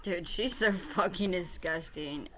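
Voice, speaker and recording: A woman's voice: lowish voice, measured pace, pushed and bright, slight background noise. Exasperated woman commenting. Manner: exasperated, blunt, some swearing. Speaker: commentary video host. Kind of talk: casual reaction commentary.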